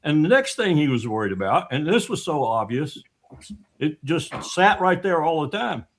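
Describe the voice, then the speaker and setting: A man's voice: a little high, very animated, normal speed. An older man, a former military staffer, talking bluntly and scornfully as a guest in a political discussion. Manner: blunt and scornful, mocking with put-on voices.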